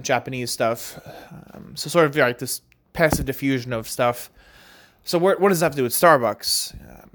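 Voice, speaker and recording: A man's voice: mid-range voice, fairly bright tone. A man working as a barista, talking in a casual, rambling and digressive monologue.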